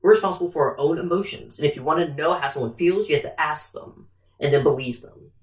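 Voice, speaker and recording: A man talking in a casual discussion, animated and acting out the voices of people he quotes. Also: fairly high pitch, fast. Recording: echoey room.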